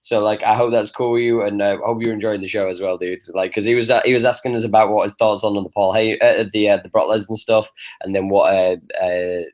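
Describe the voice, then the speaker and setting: A man's voice: on the low side, fairly even intonation, a little fast. A young man co-hosting a podcast, ranting in an exasperated, profane, teasing way. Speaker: podcast co-host. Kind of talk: casual chat.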